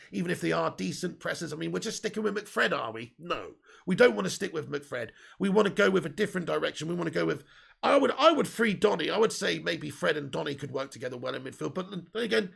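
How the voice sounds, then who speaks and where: A man's voice: a little high, vocal fry, a bit bright, slightly rough. A man hosting a football fan live stream, chatting casually, giving opinionated takes and reading out viewer comments. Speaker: football fan channel host.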